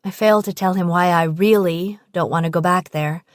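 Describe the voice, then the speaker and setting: A woman's voice: fairly low pitch, moderate pace, no echo, clean studio sound. A woman narrating a first-person audiobook in an intimate, present-tense storytelling manner.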